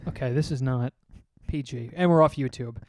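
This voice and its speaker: A young man co-hosting a podcast, chatting casually, laughing often and acting out people's reactions in an animated way. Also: mid-range voice, normal speed, dry recording. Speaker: podcast co-host. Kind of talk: casual chat.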